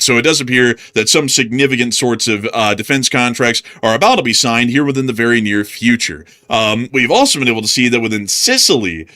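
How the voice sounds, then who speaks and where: A man's voice: mid-range voice, sharp tone. A man hosting a casual live news talk show, laid-back and full of fillers. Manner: laid-back, laughs often, says "like" and "uh".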